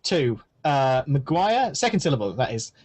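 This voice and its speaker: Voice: medium pitch, big pitch swings, moderate pace, a little mellow, slightly rough. A podcast co-host in casual chat, wry and teasing, laughing often.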